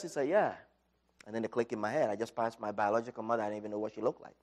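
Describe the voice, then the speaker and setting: A middle-aged man giving an inspirational talk, telling a personal story with dramatic swings from loud to quiet. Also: on the low side, rapid-fire. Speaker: speaker.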